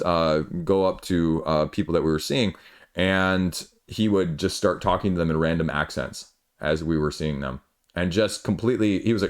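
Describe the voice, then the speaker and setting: A young man hosting a board game news show, chatting casually and rambling into self-deprecating asides, filmed at home late at night. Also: sits low. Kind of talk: casual video commentary.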